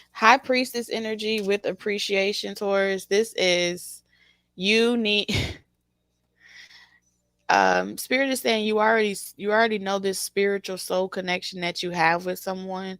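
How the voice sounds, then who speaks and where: A woman giving a casual, animated tarot reading, teasing the listener and laughing often. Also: medium pitch, vocal fry, dry recording. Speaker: tarot reader.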